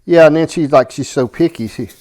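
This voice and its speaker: A man with a drawl chats his way through a recipe in his home kitchen, ribbing the person behind the camera. His voice rides a little higher than most men's, and he keeps checking in with "okay?" as he talks. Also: a little fast, a little mellow. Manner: folksy, joking, keeps asking "okay?". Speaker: cooking show host. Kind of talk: casual kitchen chat to camera.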